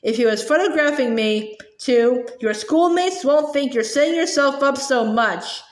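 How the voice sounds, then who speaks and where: A woman's voice: high voice, expressive, measured pace. A woman reading aloud and voicing a vain, jovial male wizard teacher with a patronizing manner. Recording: roomy echo.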